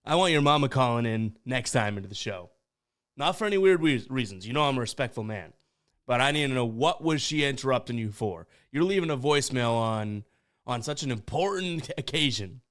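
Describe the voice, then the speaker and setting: Chatty Boston podcast host, smooth voice. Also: male voice, medium pitch, animated, a little fast, fairly bright tone. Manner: chatty, laughs often, stumbles over words. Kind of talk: casual reaction commentary.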